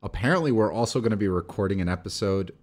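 A young man co-hosts a casual podcast chat, rambling and cursing freely as he goes. His voice sits a little low, and he restarts his sentences often. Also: fast talker. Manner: rambling, profane, with many restarts and fillers. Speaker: podcast co-host.

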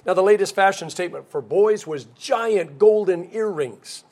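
High-pitched with a darkish tone, this man speaks at a moderate pace. He's a pastor delivering a sermon, weaving in stories and giving voice to the quoted characters.

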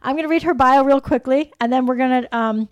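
A woman's voice: high-pitched, fairly quick, clean tone, no echo, dull audio. A woman hosting a podcast, chatting casually and bubbly, laughing often and restarting her sentences. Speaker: podcast host. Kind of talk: casual, giggly interview chat.

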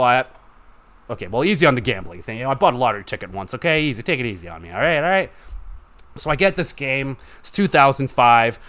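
Alone on his gaming podcast, a young man wanders from thought to thought, profanity flowing and "like" everywhere. His voice is mid-range, a bit bright and clean.

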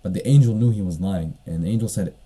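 Speaking fast in a low, warm, slightly rough voice, a man hosts a podcast by himself. He retells a story casually and meanderingly, with plenty of fillers and an odd cough here and there.

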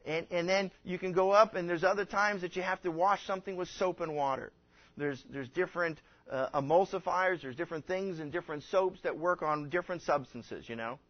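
A man with a fairly high voice preaches in a loose, folksy way, wandering through homely examples and slipping into the voices of the people he quotes. The recording is dull and lo-fi, with the top end muffled. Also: fairly quick. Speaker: pastor. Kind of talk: conversational sermon.

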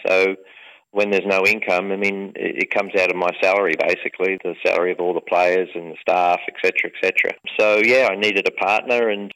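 Middle-aged Australian-accented club owner, fairly low-pitched, relaxed and rambling, heard in a radio interview. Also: male voice, low-quality recording. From England. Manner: relaxed, rambling, many fillers. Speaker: football club owner and mining businessman. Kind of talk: conversational interview.

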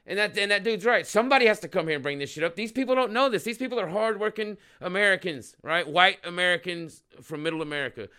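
A man's voice: high voice, fast, hardly any pauses, pushed and bright, smooth. A male podcast host giving heated, rambling, profanity-laden casual commentary.

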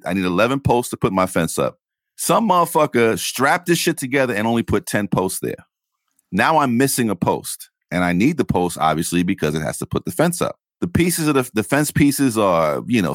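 A man's voice: lowish voice, no echo. Man in his forties, casual chat, profane storytelling, dry close sound. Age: 40s. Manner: profane, heated storytelling rant. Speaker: podcast co-host.

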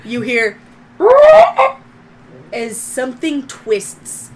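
A woman's voice: a little high, very slow, very noisy. A woman narrating as game master of a tabletop game, describing scenes in a loose, descriptive way with fillers.

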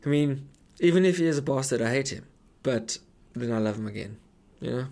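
A man's voice: mid-range voice, animated, fairly quick, vocal fry, darkish tone. A man co-hosting a podcast in casual chat, swearing often and laughing through his stories. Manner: swears often, laughs a lot, mimics his dog's bark. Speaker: podcast co-host.

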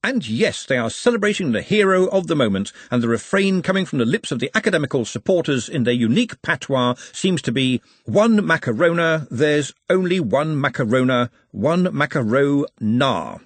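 A man's voice: fairly high pitch, animated, normal speed, hardly any pauses, breathy edge, no room sound. A man voicing a flustered young male reporter who keeps correcting himself as he describes a match. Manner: flustered, fussy, self-correcting.

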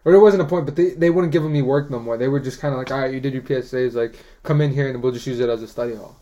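A man's voice: medium pitch, very fast, muffled recording. Young man reminiscing casually. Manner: relaxed, laughing, reminiscing. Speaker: podcast co-host. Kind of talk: casual chat.

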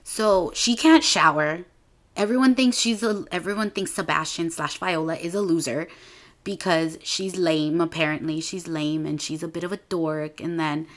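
A young woman talks through a movie plot in a loose, chatty way. Her voice sits a little low for a woman. She drops into quoted dialogue and asks playful questions as she goes. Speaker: podcast host. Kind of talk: casual movie recap chat.

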